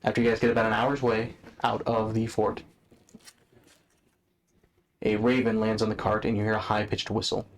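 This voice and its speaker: A man's voice: fairly low pitch, completely flat delivery, moderate pace, pauses often, a little hiss or hum. A man narrating a tabletop game as game master, casual and swearing freely.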